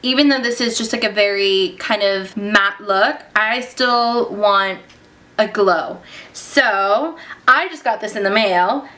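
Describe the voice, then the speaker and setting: A woman's voice: medium pitch, slow. A young woman narrating a casual makeup tutorial, chatty and gushing over the products she uses. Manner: gushing, breaks into excited squeals. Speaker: beauty vlogger.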